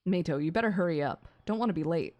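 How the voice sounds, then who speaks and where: A woman's voice: on the low side, fast talker, a little mellow, natural voice. A woman voicing a kindly mother reminding her schoolboy son about breakfast and school. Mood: motherly.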